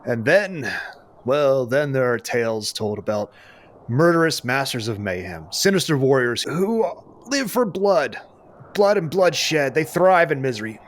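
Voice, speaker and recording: A man's voice: medium pitch, big pitch swings, a little slow. A man narrating as game master, in a playful, dramatic storytelling manner.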